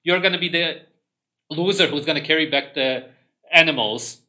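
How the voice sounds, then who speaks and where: A man's voice: on the high side, moderate pace, bright, forceful tone. A bossy tribe hunter mocks the others and hands out orders, as a man plays him. His tone is sneering and commanding. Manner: mocking, bossy.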